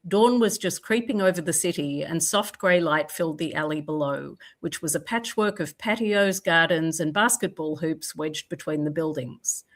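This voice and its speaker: A woman's voice: low-pitched, moderate pace, hardly any pauses. A woman literary agent chatting and reading a manuscript aloud in a live video Q&A. She is chatty and pokes fun at herself. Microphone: video call.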